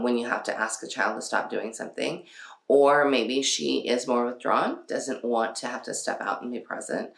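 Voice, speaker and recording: A woman's voice: very deep voice, gravelly, fairly bright tone. A woman hosting a casual parenting talk, chatty, with frequent laughs and many fillers. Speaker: podcast host. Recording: roomy echo.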